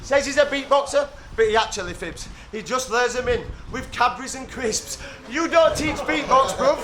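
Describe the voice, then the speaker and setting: Rapper dude, high voice, taunting bars, rowdy crowd in the back. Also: male voice, normal speed. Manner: taunting rhythmic delivery, laughs at own lines. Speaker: battle rapper. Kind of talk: live rap battle verse. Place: battle venue before a live crowd. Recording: loud crowd behind a live battle.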